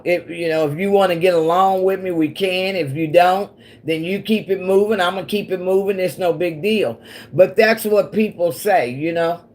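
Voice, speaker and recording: This is a woman from the central US, specifically Missouri and Oklahoma, whose voice is lowish with a darkish tone. As a livestream host, she chats casually and ramblingly with her audience, laughing frequently.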